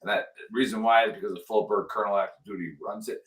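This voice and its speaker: A man's voice: lowish voice, steady tone, fast, fairly bright tone. A middle-aged man hosting a casual veterans' show, earnest and pleading, repeating himself for emphasis. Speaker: podcast host. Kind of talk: casual chat.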